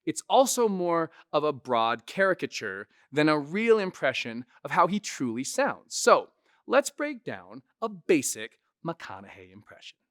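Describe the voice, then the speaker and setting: A man's voice: on the high side, big pitch swings, unhurried, a bit bright, no room sound, clean studio sound. A man who is a comedian and impressionist, giving a casual tutorial and often tagging his points with "right?". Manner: chatty, keeps adding "right?" to check in.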